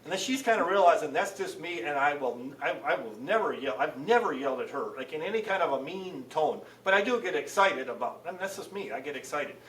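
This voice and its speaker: A middle-aged man talks quickly in a slightly high voice, acting out conversations as he tells stories. He sits back from the mic in a roomy space with faint ambience behind him. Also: far from the mic, a little hiss or hum. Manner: animated storyteller acting out dialogue. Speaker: CEO guest. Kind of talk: casual podcast conversation.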